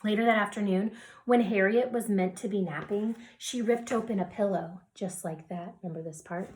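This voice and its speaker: A woman teacher reading a picture book aloud to young children, gentle and soothing with soft whispered asides. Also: mid-range voice, moderate pace, a little hiss or hum.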